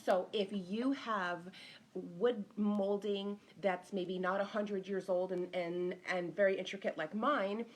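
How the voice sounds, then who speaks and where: A woman's voice: medium pitch, steady tone, slow. A middle-aged woman, an interior designer, giving a casual live-stream lesson, chatting and greeting viewers by name as she goes.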